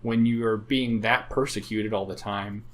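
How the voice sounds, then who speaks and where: A man's voice: on the low side, steady tone, normal speed, fairly bright tone. A man co-hosting a casual podcast about tabletop games, rambling with frequent fillers and restarts and plenty of swearing. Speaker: podcast co-host.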